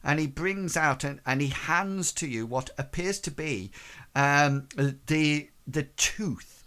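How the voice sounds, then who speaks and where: A man's voice: on the high side, takes it slowly, fairly bright tone. A man narrating as game master, rambling and full of "sort of, like" fillers.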